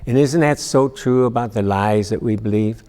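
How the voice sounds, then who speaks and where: A man's voice: mid-range voice, moderate pace, warm tone, clear, resonant tone, big-room sound. A man teaching an emotional resilience class, talking earnestly and asking the class questions as he reads a story aloud. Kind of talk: classroom lecture reading aloud.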